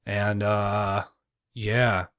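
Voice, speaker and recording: A man's voice: fairly low pitch, little pitch movement, very slow, a bit bright, clear, resonant tone, dry recording, studio quality. Man putting on a rambling old store chatterbox. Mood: chatty. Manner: meandering small talk.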